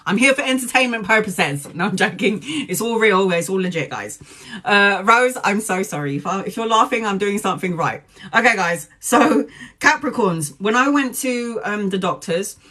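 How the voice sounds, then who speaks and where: A woman's voice: on the low side, a bit bright. A woman talking casually on a live stream as a tarot reader, chatty and joking, laughing often. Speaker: tarot reader livestreaming to viewers.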